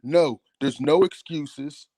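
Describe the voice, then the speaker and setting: A man's voice: on the high side, takes it slowly, warm tone, no echo. A man calling in to a talk show, ranting in a heated, emphatic and profane way. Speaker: caller. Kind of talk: call-in radio rant.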